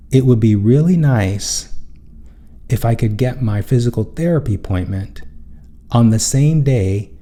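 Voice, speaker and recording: A man's voice: on the low side, gravelly, dark tone. A man hosting a spiritual self-help show, telling a personal story in an earnest, rambling way and often correcting himself mid-sentence.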